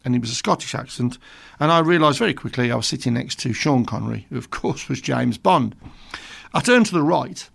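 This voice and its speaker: A man's voice: mid-range voice, lively intonation, brisk, gravelly, a bit bright. A middle-aged man from Birmingham with a Birmingham accent, a radio presenter rambling through jokey stories between songs. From England. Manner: chatty, jokey, rambling storyteller. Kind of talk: casual radio chat.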